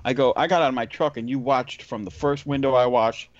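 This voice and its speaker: A man's voice: mid-range voice, fairly quick, dry recording. A man telling a work story in a casual chat, voicing both sides of the dialogue as he goes. The recording is dry and dull, a little lo-fi. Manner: animated storyteller acting out dialogue. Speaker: window cleaner, podcast host. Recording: dull lo-fi audio.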